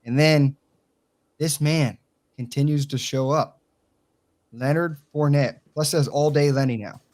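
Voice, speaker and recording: A man's voice: fairly high pitch, fairly even intonation, measured pace, a little mellow. A man with a country accent co-hosting a casual sports talk show, blunt and swearing freely as he tells stories. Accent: Southern US country. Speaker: co-host.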